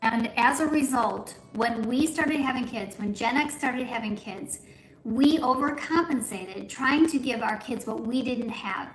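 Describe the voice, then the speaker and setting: A woman speaking in a measured, instructive way, giving advice to parents in a played clip. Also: fairly high pitch. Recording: clip with room echo, faint music.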